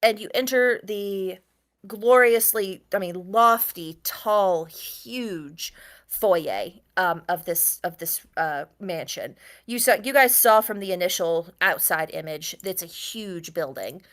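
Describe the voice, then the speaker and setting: A woman's voice: medium pitch, slow pace, fairly bright tone. A woman narrating as game master for a tabletop game, rambling with many fillers and frequent laughs.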